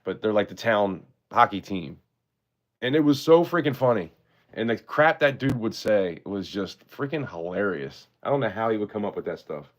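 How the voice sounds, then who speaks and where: A man's voice: on the low side, animated, moderate pace. A man hosting a live-stream auction, chatting in a laid-back way and thanking his viewers often.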